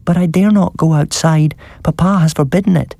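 A timid small boy speaks in a meek, trusting voice in a storybook tale, acted by a man reading aloud. The voice is raised well above the reader's low, husky tone, in a dry, close recording. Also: normal speed, dark tone, dry recording.

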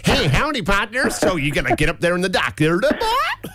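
A man's voice: sits high, huge pitch swings, a little fast, bright, forceful tone, voice pushed up, exaggerated voice. A man putting on a hammy cowboy drawl. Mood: teasing. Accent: mock American. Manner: exaggerated, joking put-on drawl.

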